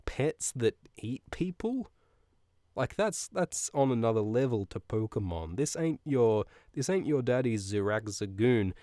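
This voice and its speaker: A podcast host giving a casual, comedic book recap, rambling with profane, jokey asides and frequent laughs mid-sentence. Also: male voice, mid-range voice, sing-song, a little slow, mellow, dry recording, clean studio sound.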